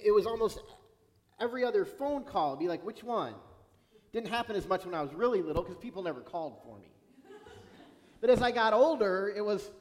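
A man preaching a sermon as pastor, in a conversational way, slowing down to stress key phrases. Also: high voice, a little mellow. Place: church sanctuary. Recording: long reverb of a church hall.

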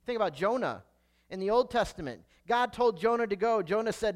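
A man's voice: high-pitched, animated, fairly quick. A man preaching a sermon, reading scripture and then explaining it in an earnest storytelling manner.

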